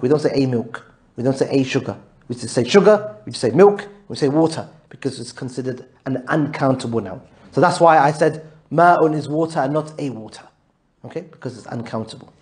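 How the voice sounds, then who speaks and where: A man teaching a live Arabic grammar class, patiently quizzing his students and mixing English with Arabic terms. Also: medium pitch. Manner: patient, drills students with repeated questions.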